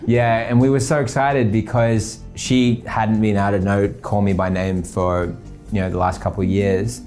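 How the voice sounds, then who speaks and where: Male host, lowish voice, casual storytelling, soft music underneath. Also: level tone, moderate pace. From Australia. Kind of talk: casual talk.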